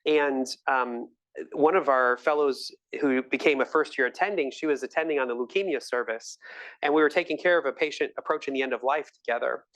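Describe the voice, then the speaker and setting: A man's voice: medium pitch, brisk. A middle-aged man, a physician, answering audience questions at a live lecture with enthusiastic, storytelling energy. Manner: enthusiastic, warm storytelling with laughs. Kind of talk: live grand rounds Q&A.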